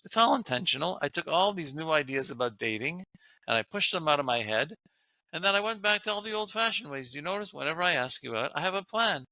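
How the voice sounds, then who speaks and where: A man's voice: fairly high pitch, very animated, fast talker, bright, forceful tone, no room sound. A man, a guest author, talking earnestly about relationships and laughing often as he makes his points. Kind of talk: casual interview talk.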